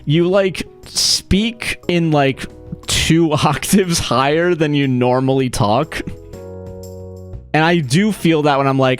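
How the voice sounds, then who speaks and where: A man's voice: fairly high pitch, animated, a little slow, faint music behind. A man livestreaming a game, chatting casually in a rambling, profane way and laughing often. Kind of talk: casual chat while streaming a game.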